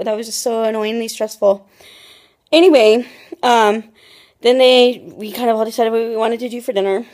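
A woman's voice: a little high, a little mellow. A young woman vlogging casually into her phone camera, telling a rambling story full of "like" and restarts. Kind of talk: casual chatty vlog.

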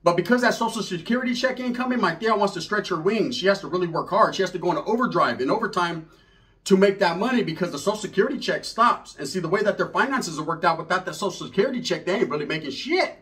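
A man telling a comic story in an animated, profane way, full of street slang and Spanish words. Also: high-pitched, quick pace. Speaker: comedian storyteller.

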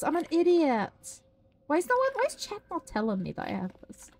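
A woman's voice: fairly high pitch, big pitch swings, a little slow, pauses often, a bit bright, poor audio. A woman live-streaming a horror game, chatting with viewers, swearing freely and shrieking at scares.

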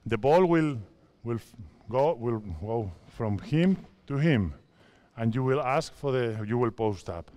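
Spanish-accented coach giving court drills. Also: male voice, medium pitch, expressive, mellow. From Spain. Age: 50s. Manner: halting non-native English, repeats phrases, directs players. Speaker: basketball coach.

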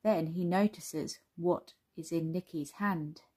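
A woman reading a children's story aloud, gentle and expressive. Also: on the low side, slow, husky.

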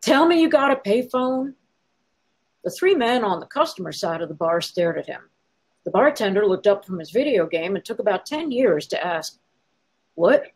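A woman author reading her own fiction aloud in a wry, sardonic, expressive way. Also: mid-range voice, brisk, husky, poor audio. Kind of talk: dramatic story reading.

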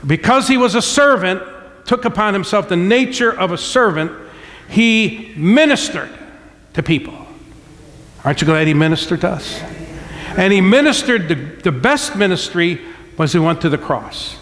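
A man pastor preaching a sermon, emphatic, slowing down to stress key words and calling for amens from the congregation. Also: sits high, expressive, a bit bright. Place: church sanctuary. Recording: long hall reverb from church sanctuary.

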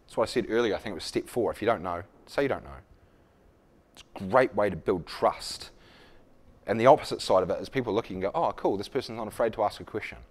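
A man's voice: lowish voice, fast talker. A man leading a live leadership workshop, talking conversationally to the room and acting out example dialogues. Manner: conversational, self-deprecating, acts out dialogues. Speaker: leadership speaker.

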